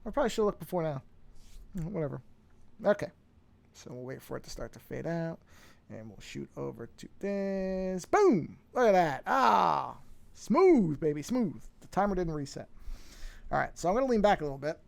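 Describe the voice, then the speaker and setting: A man with a somewhat high, gravelly voice chats casually on a live art stream. He rambles, mutters to himself and jokes at his own expense as he works. He is recorded close on a podcasting microphone. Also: lively intonation, fast talker, long pauses, a little mellow. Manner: rambling, self-deprecating, talks to himself while working.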